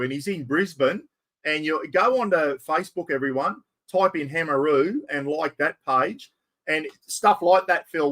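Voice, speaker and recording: A middle-aged Australian man with a slightly high voice hosts a relaxed camping live stream. He talks in a chatty, blokey way, greets viewers and swears freely. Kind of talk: casual live-stream chat.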